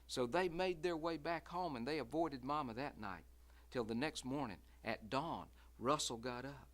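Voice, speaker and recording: A man's voice: a little high, a bit bright. A man storyteller telling a folksy tale, building suspense by drawing out and repeating phrases. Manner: drawn-out, repetitive suspense building.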